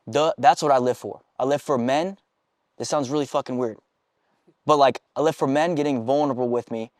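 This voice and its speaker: A man's voice: mid-range voice, a little fast, a little mellow, no room sound. A man leading a sales team meeting, talking bluntly with constant swearing and acting out bits of dialogue. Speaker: sales trainer. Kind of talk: profane motivational team talk. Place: meeting room with a small group.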